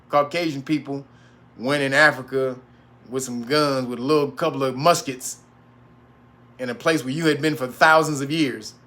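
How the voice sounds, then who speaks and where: A man's voice: mid-range voice, a bit bright. A man hosting a casual livestream monologue, rambling and profane, laughing often between remarks. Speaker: host.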